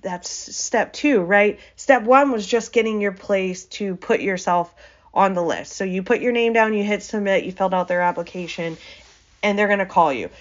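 A woman's voice: mid-range voice, normal speed, highs cut off. Chatty woman hosting a self-help podcast. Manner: chatty, laughs often, asks "right?". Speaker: podcast host. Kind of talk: motivational podcast talk.

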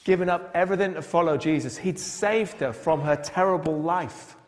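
A man's voice: on the high side, normal speed. A male pastor preaching a sermon. He retells a Bible story dramatically and asks many rhetorical questions. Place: large church. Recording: long church reverb.

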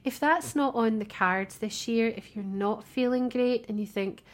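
A woman's voice: a little high, moderate pace. A woman co-hosting a podcast in casual chat, talkative, laughing often and restarting her sentences. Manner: chatty, warm-hearted, laughs often, many restarts. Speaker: podcast co-host. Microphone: remote call.

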